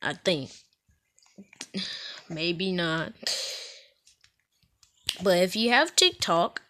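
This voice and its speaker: A woman's voice: on the low side, fairly bright tone. A woman hosting a gaming channel, giving casual gameplay commentary in a playful, giggly way with silly outbursts.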